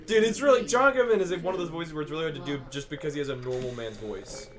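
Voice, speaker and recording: A man's voice: on the high side, quick pace, a crowd in the background. A man hosting a game stream in casual chat, rambling, laughing often and swearing freely. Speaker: stream host. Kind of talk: casual chat while gaming.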